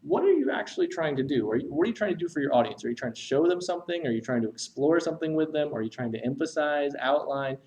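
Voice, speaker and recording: A man's voice: on the high side, big pitch swings, quick pace, hardly any pauses, darkish tone, distant mic, rough recording. Guy teaching essay writing, talks while writing on the board, stops n fixes himself a lot. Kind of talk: recorded writing lesson.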